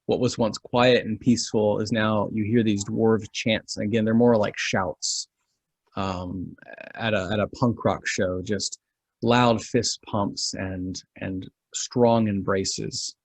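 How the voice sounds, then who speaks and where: A man narrating as game master of a tabletop fantasy game, with dramatic pauses. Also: on the low side, dry recording.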